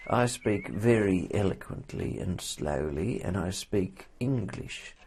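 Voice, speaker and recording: A man's voice: lowish voice, very animated, moderate pace, gravelly, darkish tone, a little hiss or hum. A man playing a haughty, sarcastic elderly woman in a care home, talking drily and grandly dismissing things in an improvised comedy. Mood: dry.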